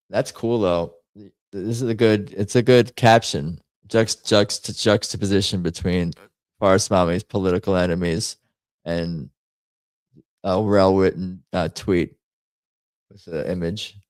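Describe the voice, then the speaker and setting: Guy hosting a stream, kinda deep voice, rambly, thinks out loud, jokey. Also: no echo. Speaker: livestream host. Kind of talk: casual chat reacting to memes and viewer comments.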